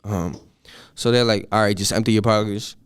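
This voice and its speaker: An eighteen-year-old man excitedly telling a profane story, acting out the voices of the people in it. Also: fairly low pitch, fairly quick, clean tone, no room sound. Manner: animated, profane, acts out voices in his story. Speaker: podcast guest. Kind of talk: casual storytelling.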